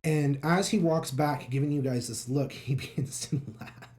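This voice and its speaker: A man narrating a tabletop game as game master, loose and halting with frequent fillers. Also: fairly high pitch, darkish tone.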